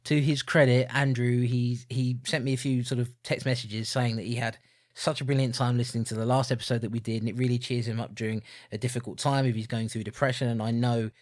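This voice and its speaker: Fast-talking and level in tone, this podcast co-host is recorded dry and in studio quality. He jokes and rambles through casual conversation, breaking into mock-grumpy outbursts with sudden loud, high bursts.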